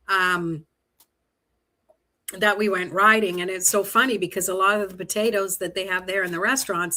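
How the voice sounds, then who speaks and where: A middle-aged woman from Canada talks through a live tarot reading at a relaxed, slow pace. Her voice is bright and clear. She drifts easily between the cards and the viewers' comments, laughing often. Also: mid-range voice. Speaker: tarot livestream host. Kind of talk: casual live-stream chat while reading tarot cards.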